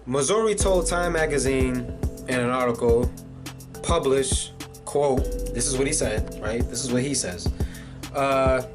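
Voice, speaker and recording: A man's voice: medium pitch, unhurried. A man ranting casually in a video commentary, swearing and using many fillers. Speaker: vlogger. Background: music.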